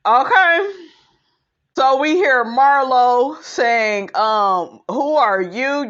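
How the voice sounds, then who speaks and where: Woman, podcast host, sassy, emphatic, slow-paced delivery, casual commentary. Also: fairly high pitch, a bit bright, dull audio. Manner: sassy and emphatic, calls listeners honey and child. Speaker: podcast host recapping a reality show.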